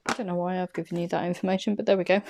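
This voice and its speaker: Gravelly-voiced woman giving a tarot reading. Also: fairly low pitch, fast talker, dark tone, slight background noise. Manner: rambling and chatty, laughs often, self-correcting. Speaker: intuitive tarot reader. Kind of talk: casual spoken tarot reading to camera.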